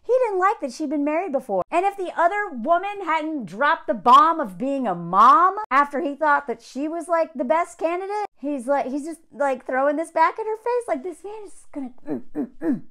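A woman's voice: high voice, animated, moderate pace, few pauses, bright, forceful tone. A woman from the American South giving casual reaction commentary on a dating show, chatty and sarcastic. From Southern United States. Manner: chatty, sarcastic, mocks others in put-on quotes.

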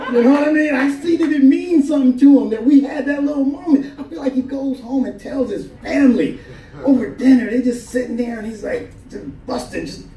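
A man performing a stand-up comedy set on a club stage, telling stories animatedly and jumping into high voices for the people he quotes. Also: a little fast, warm tone, distant mic. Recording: roomy live club recording, crowd laughter.

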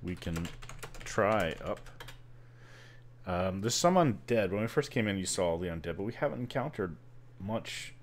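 A Canadian gamer from British Columbia casually narrates his online game session in a low, very animated voice at normal speed, pausing often. He rambles, jokes at himself, and stumbles over words, with a little hiss or hum in the audio.

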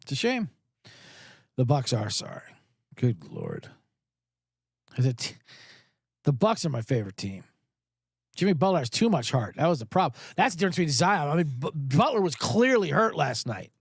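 A man's voice: a little high, big pitch swings, normal speed, creaky, pauses often, slightly rough, dry recording, studio quality. A man hosting a sports betting podcast, talking in a rambling, profane, casual way.

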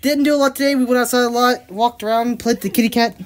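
A woman's voice: fairly high pitch, animated, fairly quick. A woman vlogging casually about her day, chatting and talking playfully to her pets. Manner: chatty, playful, talks to pets in silly voices. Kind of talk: casual family vlog chat.

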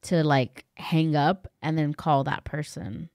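A woman's voice: low voice, fairly even intonation, slow, a little mellow, no echo, clean studio sound. A woman co-hosting a podcast, telling a story in casual chat with many fillers and quoted voices. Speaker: podcast co-host.

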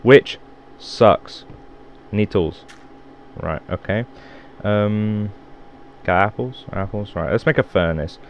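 Gamer guy, low voice, loose swearing commentary, faint hiss under a home mic. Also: slow pace, long pauses. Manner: rambling, swearing, self-mocking. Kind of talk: let's play commentary.

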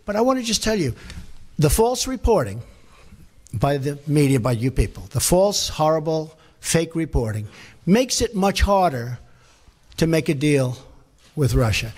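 A man's voice: fairly high pitch, sing-song, measured pace, darkish tone, slightly rough. A man fielding press questions at a podium in a large formal hall, blunt, emphatic and repetitive, speaking off the cuff. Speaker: president at a press conference. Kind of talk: off-the-cuff press conference answers.

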